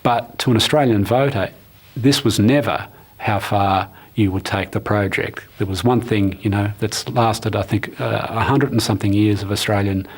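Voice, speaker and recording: A man giving a thoughtful documentary interview as a commentator, pausing with fillers. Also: fairly low pitch, steady tone, breathy edge.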